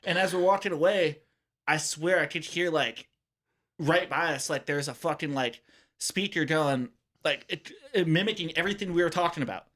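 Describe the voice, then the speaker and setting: A man's voice: fairly high pitch, normal speed, fairly bright tone. Rambling man guest, swearing and laughing. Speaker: podcast guest. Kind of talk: casual storytelling chat.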